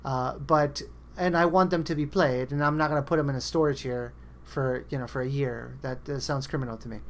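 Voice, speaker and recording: A man with a mid-range voice, a steady tone, and a fairly quick pace hosts a casual podcast chat. He meanders through his stories, acting out the things his friends said.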